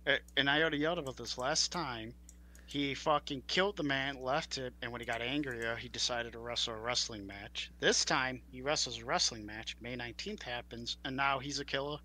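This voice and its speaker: A man's voice: mid-range voice, fairly quick, a little hiss or hum. Exasperated young man ranting on a podcast. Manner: exasperated ranting, stammers when excited. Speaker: podcast co-host. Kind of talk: casual podcast chat.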